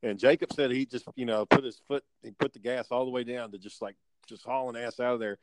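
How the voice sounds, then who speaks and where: Dude telling a story, laid-back and rambly, dry close sound. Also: male voice, medium pitch, fairly even intonation, fast, dry recording. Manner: laid-back, rambling, swears, lots of fillers. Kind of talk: casual storytelling chat.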